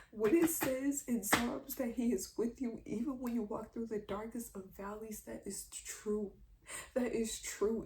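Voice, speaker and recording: A twenty-one-year-old woman giving a heartfelt faith testimony, earnest and emotional, tearful at times. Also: on the high side. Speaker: vlogger sharing a faith testimony.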